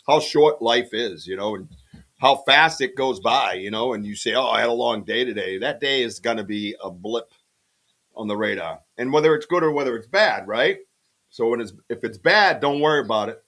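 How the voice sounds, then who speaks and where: A man hosting a casual podcast livestream from his home studio, talking in an excitable, rambling way and giving shout-outs to the chat. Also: mid-range voice. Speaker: podcast host.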